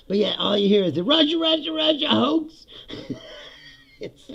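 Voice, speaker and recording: Brief: gravelly male host, high and animated, sarcastic political rant with frequent laughs. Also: highs cut off. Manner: sarcastic, laughing often, profane.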